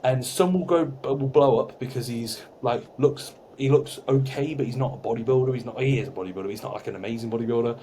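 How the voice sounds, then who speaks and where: A young man, co-hosting a podcast in casual, animated chat with some swearing. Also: mid-range voice, fast talker, hardly any pauses, a little hiss or hum. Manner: chatty, swearing, animated storytelling. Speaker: podcast co-host.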